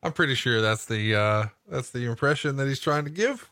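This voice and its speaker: A man's voice: mid-range voice, animated, fairly quick, sharp tone, no echo. A man hosting a casual chat and reading fan questions. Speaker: host.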